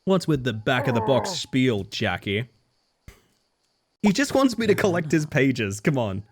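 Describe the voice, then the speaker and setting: An animated male game streamer who swears freely and laughs often. His pitch leaps around a great deal, sitting mid-range for a man. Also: unhurried, slight background noise. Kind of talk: live game-streaming commentary.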